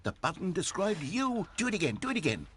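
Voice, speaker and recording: A man's voice: high-pitched, huge pitch swings, fast talker, a bit bright, husky, exaggerated voice. A man voicing a wry adult male video game narrator who talks in a dry, mock-sincere, teasing way.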